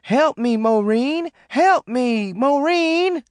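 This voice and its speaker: A man's voice: high-pitched, very animated, normal speed, no room sound, clean studio sound, pitched above the performer's own voice. A man voicing a cruel, threatening young man in an audiobook. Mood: desperate. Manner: snarling, shouting, cruel. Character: brutal, threatening young white Southern man. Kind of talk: audiobook character voice.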